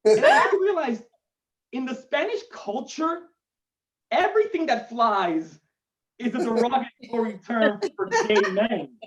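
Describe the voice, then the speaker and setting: A man's voice: extremely high pitch, lively intonation, measured pace, distant mic. A male stand-up comedian doing a chatty, rambling set from his home over a video call, with self-deprecating asides. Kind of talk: stand-up set for an online show.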